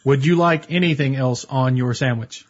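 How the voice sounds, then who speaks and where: A man imitating a stone-faced fast-food cashier who speaks in a flat, overly formal way. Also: mid-range voice, dull audio, natural voice.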